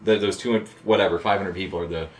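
A man's voice: low-pitched, steady tone, quick pace, a little hiss or hum. A man in casual panel chat who rambles with frequent fillers and restarts. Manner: rambling, hesitant, many fillers. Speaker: comedy troupe member on a convention recap panel.

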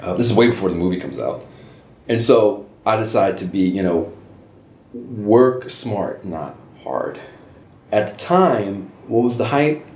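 A middle-aged man casually telling stories as an interview guest, with animated jumps into high voices for quoted reactions. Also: measured pace. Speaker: interview guest, costume hobbyist. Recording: roomy with faint ambient noise.

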